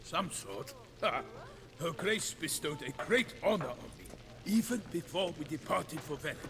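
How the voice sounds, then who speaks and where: A pompous boisterous knight. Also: male voice, a little high, expressive, normal speed, background noise. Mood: jovial. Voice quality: theatrical, declamatory. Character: boisterous pompous male knight, middle-aged.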